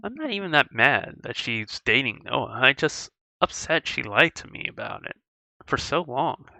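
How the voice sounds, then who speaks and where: A woman's voice: a bass voice, very animated, vocal fry, sharp tone, dry recording, heavily acted. A woman reading as a hurt, sarcastic teenage girl. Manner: dejected, self-mocking, quick sarcasm. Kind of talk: video game dialogue read aloud.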